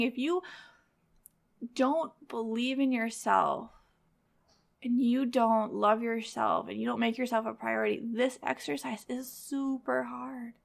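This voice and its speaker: A woman with a slightly high, heavily gravelly voice gives a motivational talk to mothers. She speaks directly and conversationally, nudging her listeners along with encouragement. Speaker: podcast host.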